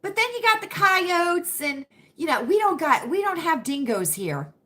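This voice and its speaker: A woman's voice: very high voice, sing-song, normal speed, bright, forceful tone. An American woman hosting a casual livestream chat, talking dramatically to her viewers and calling them friends. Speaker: livestream host.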